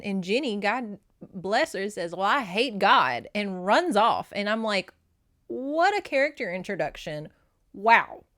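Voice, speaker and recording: A woman's voice: lowish voice, clean tone. Chatty Southern woman recapping a book. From North Louisiana. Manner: chatty, tangents, emotional asides. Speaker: podcast host.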